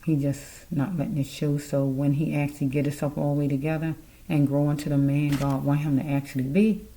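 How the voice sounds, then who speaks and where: A woman's voice: low-pitched, little pitch movement, fairly quick, mellow, rough recording. A woman giving a casual tarot card reading, rambling and musing aloud as she speaks straight to the listener.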